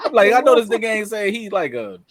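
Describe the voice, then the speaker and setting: A man's voice: high-pitched, big pitch swings, quick pace, over a noisy crowd. A man co-hosting a podcast in casual livestream chat, joking and slangy, laughing along. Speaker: podcast co-host.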